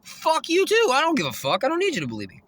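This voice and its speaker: A man's voice: very high voice, wildly swooping pitch, quick pace, fairly bright tone. A man ranting in a rambling monologue, swearing constantly and laughing often. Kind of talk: rambling profane rant.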